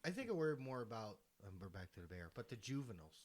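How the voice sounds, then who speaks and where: Man, podcast co-host, casual chat, excitable, swears, tired. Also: medium pitch. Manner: excitable, swears freely, quick to laugh. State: tired, yawning.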